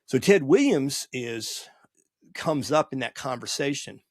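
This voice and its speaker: A man's voice: mid-range voice, animated, measured pace, dry recording, studio quality. A man in his sixties from the Washington, D.C. area, hosting a podcast and telling rambling, nostalgic stories in a casual monologue. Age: 60s. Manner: rambling, digressive, nostalgic storyteller. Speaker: podcast host and college baseball coach.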